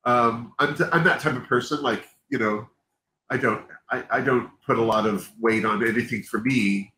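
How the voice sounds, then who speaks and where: A man hosting a livestream chats candidly and openly shows emotion, rambling and often stopping to restart his sentences. His medium-pitched voice sounds pushed and bright at a normal speed, in an echoey room with faint background noise.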